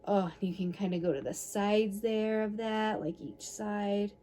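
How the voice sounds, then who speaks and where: A woman's voice: medium pitch, measured pace, a little hiss or hum. Chatty woman demonstrating self-massage. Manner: relaxed, chatty, frequent sighs and breathy groans of relief. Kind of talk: casual self-massage tutorial.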